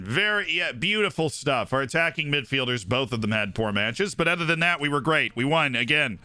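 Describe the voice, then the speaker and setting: A male streamer giving lively, excitable commentary on a football management game as he plays live, shouting at his players on screen. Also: medium pitch, fairly quick, few pauses, a little hiss or hum.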